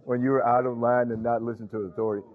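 A man's voice: mid-range voice, little pitch movement, racing. A man preaching a sermon, emphatic, with call-and-response interjections. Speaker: pastor. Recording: tinny phone-like sound.

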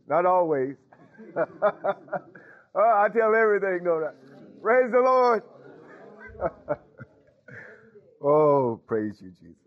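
A man's voice: medium pitch, phone-quality sound. A man preaching a sermon, calling out to the congregation and breaking into sung lines.

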